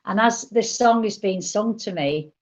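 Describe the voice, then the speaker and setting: A woman's voice: medium pitch, a little slow. A woman co-hosting a live psychic show, confidently passing on messages she says come from spirits. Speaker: medium and co-host.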